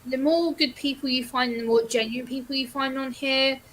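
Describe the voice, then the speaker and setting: A woman's voice: high voice, steady tone, moderate pace, fairly bright tone, poor audio. Frank woman, slight noise. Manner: frank, firm opinions, laughs it off. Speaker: stream guest. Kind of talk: casual livestream chat.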